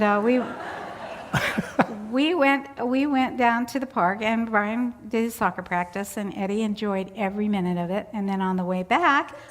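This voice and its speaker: An older woman telling a personal story in an interview, chatty, laughing often as she acts out voices. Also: mid-range voice. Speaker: church volunteer interviewee. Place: church sanctuary. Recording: long church hall reverb.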